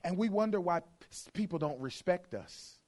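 A man with a notably high voice delivers a sermon from the pulpit. He drives his points home through rhythmic repetition and slips into playful mimicry of churchgoers' talk. His delivery moves between quiet asides and loud, punchy lines. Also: lively intonation, moderate pace. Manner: emphatic, repeats phrases for effect. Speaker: preacher.

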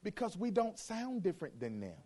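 A man's voice: sits high, huge pitch swings, fairly quick, dark tone. A man preaching a sermon, emphatic and playful, hammering his point with repeated phrases and mimicking how churchgoers talk.

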